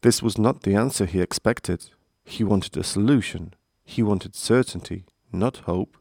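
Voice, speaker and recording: A man narrating a storybook in a measured, earnest way. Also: lowish voice, vocal fry, darkish tone, no echo, clean studio sound.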